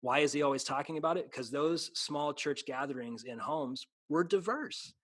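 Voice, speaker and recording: A man's voice: fairly high pitch, normal speed, fairly bright tone, no room sound. Man, pastor, earnest, preachy, stops and restarts often. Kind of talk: casual chat.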